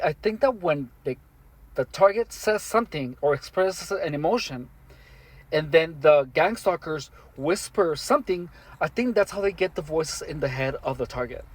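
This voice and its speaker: A man speaking alone to the camera in an earnest, matter-of-fact monologue, halting with many restarts and fillers. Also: a little high, expressive. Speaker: vlogger. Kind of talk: first-person monologue to camera.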